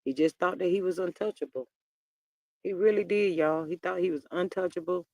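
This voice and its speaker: A livestream host chatting casually and sassily about celebrity gossip, reading out viewer comments and peppering the talk with "child" and drawn-out "mm, mm". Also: mid-range voice, a little mellow, no echo. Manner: chatty, sassy, reads viewer comments aloud.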